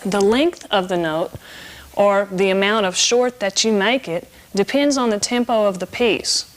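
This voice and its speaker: A middle-aged woman giving a saxophone lesson, explaining clearly and patiently in an instructional tone. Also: mid-range voice, measured pace. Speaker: saxophone teacher.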